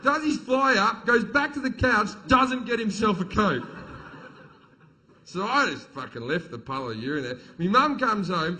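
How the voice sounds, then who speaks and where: Bright, high-voiced comedian. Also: male voice. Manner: crude, swearing, animated storyteller. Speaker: stand-up comedian. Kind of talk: stand-up storytelling. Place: comedy stage.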